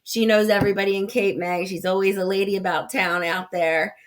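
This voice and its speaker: A woman, a podcast guest who runs a community foundation, talks earnestly and in detail. She backtracks often and fills pauses with ums. Her voice sits at an ordinary middle pitch for a woman. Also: steady tone. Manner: earnest, explains in detail with many fillers and restarts. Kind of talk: casual interview conversation.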